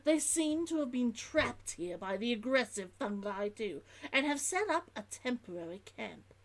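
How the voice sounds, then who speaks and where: A woman's voice: on the high side, sing-song, normal speed. A woman reading out a weary stranded merchant's log in a put-on Old London accent, dropping her H's with a theatrical Victorian delivery. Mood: weary, grim.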